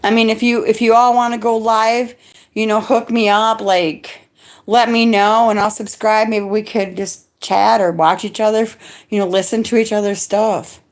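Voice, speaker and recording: A middle-aged woman from the United States talking in a rambling live-stream monologue, agitated and quick, restarting sentences and laughing. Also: a little high, little pitch movement. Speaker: livestreamer.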